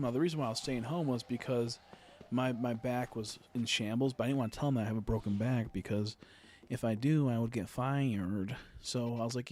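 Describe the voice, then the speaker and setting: A young adult man ranting in casual live-stream chat while playing a game, swearing freely and filling pauses with "like" and "uh". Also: mid-range voice, steady tone, a little mellow. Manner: ranting, swears a lot, many fillers.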